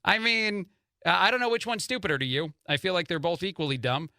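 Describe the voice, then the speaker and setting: A man's voice: high-pitched, animated, fast talker, bright, forceful tone, dry recording, studio quality. A man filling in as a talk radio host, giving opinionated commentary with lots of "uh" fillers and chuckles at the stories.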